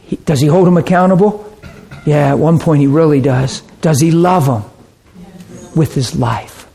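A man preaching a sermon, animated and chatty, acting out harsh voices and laughing often. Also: on the high side, moderate pace, gravelly.

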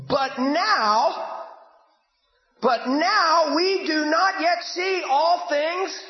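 A man preaching a sermon in a church, fervent and breaking into shouted bursts. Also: extremely high pitch. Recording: echoey church hall, dull lo-fi.

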